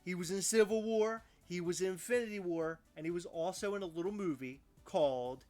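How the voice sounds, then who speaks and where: A man's voice: sits high, fairly quick, darkish tone. A man co-hosting a casual livestream podcast, joking around in a goofy, over-the-top way. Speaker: podcast co-host.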